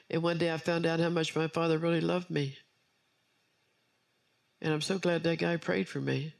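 A woman's voice: on the low side, level tone, brisk, gravelly. A woman preacher delivering an earnest sermon with personal testimony, repeating key phrases for emphasis.

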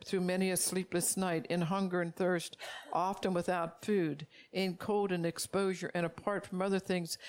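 A woman preaching a sermon, repeating phrases for emphasis and reading scripture aloud as she urges her listeners directly. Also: on the low side.

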